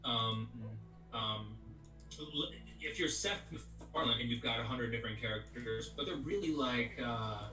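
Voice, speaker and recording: A man's voice: mid-range voice, measured pace, bright, forceful tone. A middle-aged man, a voice actor being interviewed, chatting casually and rambling with lots of "you know what I mean". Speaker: voice actor guest. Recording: echoey, distant mic, faint music.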